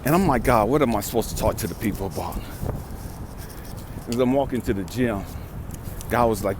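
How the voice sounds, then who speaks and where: With background noise behind him, a man in his fifties speaks in a lowish voice at a brisk clip, pausing often. He's a California vlogger and life coach, and his story is blunt and profane, delivered emphatically in street talk with repetition to drive points home.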